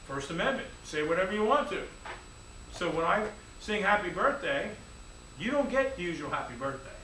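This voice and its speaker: Man, music teacher, playful classroom lecture, high bright voice, distant mic. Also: slight background noise. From United States. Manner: lively, playful, demonstrative. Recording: echoey room, distant mic, faint ambience.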